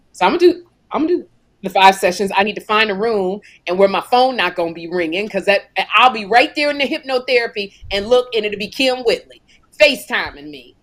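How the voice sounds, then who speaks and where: A middle-aged woman co-hosting a comedy podcast, chatting casually and telling animated stories with acted-out quotes. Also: medium pitch, a little fast. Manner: animated storyteller, acts out quotes. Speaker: podcast co-host.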